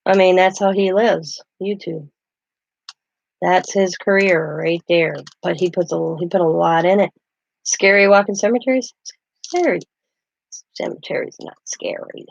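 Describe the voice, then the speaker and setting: A woman's voice: fairly low pitch, fairly even intonation, moderate pace, gravelly, no echo. A woman hosting a casual craft livestream, chatty and rambling as she talks to her chat while she works. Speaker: craft channel host. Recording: dull lo-fi dry sound.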